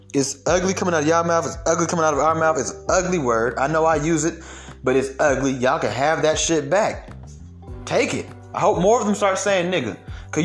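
A young man delivering a heated, profane rant of social commentary, emphatic and blunt. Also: on the high side.

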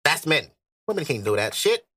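A man's voice: fairly high pitch, sing-song, moderate pace, a bit bright, dry recording, clean studio sound. A man hosting a podcast, arguing his point bluntly in casual, profane chat. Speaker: podcast host.

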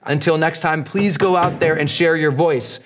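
A man's voice: a little high, moderate pace, a bit bright, a little hiss or hum. Emphatic man coaching on a podcast. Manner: emphatic, repetitive coaching delivery. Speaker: podcast host, marketing coach. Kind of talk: solo podcast answering listener questions.

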